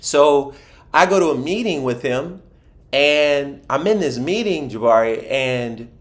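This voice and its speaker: Podcast guest: a man from Philadelphia telling his life story, mid-pitched, animated, lots of restarts. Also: unhurried. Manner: animated storyteller, acts out what others said, frequent restarts. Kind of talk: personal storytelling in a podcast interview.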